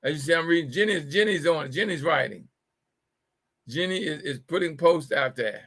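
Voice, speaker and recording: A man's voice: on the high side, lively intonation, normal speed, gravelly, fairly bright tone. A middle-aged man hosting a live call-in show, telling jokes casually, repeating his punchlines and stumbling over words. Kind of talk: casual humorous talk.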